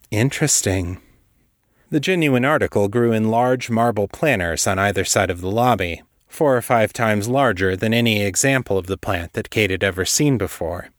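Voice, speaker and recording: A man narrates a story in a steady, measured manner. His voice sits low and the recording is dry and close, with no room sound. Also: no echo. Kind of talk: scripted narration.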